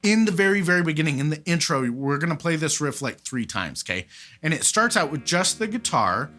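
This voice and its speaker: A man giving a casual beginner guitar lesson, chatty and relaxed, counting out rhythms. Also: fairly high pitch, a little fast. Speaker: guitar teacher. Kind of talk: casual instructional talk. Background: guitar playing.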